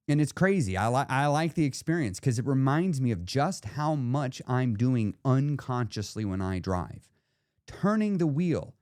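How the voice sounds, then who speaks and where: Lively, expressive man hosting a podcast. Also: mid-range voice, no echo, clean studio sound. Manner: explanatory, conversational, talks to the listener directly. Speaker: podcast host and weight-loss coach. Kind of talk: solo podcast monologue.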